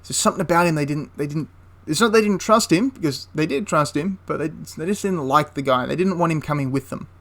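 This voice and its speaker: A man's voice: on the high side, a little fast, hardly any pauses, fairly bright tone. A man casually retelling a wartime story for a history channel, rambling with frequent restarts and asides.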